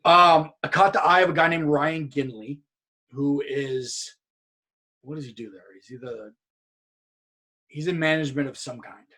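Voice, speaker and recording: Husky man telling an animated story. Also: fairly high pitch, a little slow, pauses often. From California. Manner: animated storyteller acting out other people's lines. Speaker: podcast guest. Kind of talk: casual storytelling.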